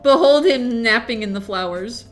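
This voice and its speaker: A woman streamer chatting casually to her viewers, excitable, swinging between mumbles and squeals of laughter. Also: fairly high pitch, moderate pace, faint music behind. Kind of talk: casual livestream chat.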